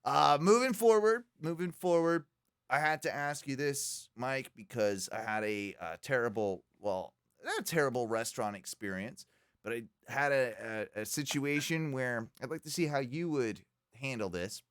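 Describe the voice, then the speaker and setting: A man's voice: medium pitch, normal speed, fairly bright tone, smooth, no echo, clean studio sound. A man co-hosting a podcast, telling stories casually and animatedly, with lots of fillers and restarts. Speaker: podcast co-host.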